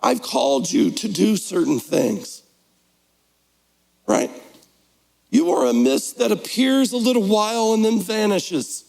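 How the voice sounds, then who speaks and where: A man's voice: high-pitched, expressive, slow, vocal fry, pauses often, a little mellow, big-room sound, low-quality recording. A man preaching a sermon as pastor, in a conversational, playful way, slipping into mock voices. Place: church sanctuary.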